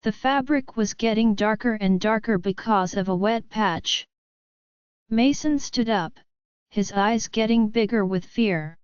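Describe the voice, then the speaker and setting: Slow, very clear woman narrator. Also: on the high side, dry recording. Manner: slow, steady reading. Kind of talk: first-person audiobook narration. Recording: dull lo-fi audio.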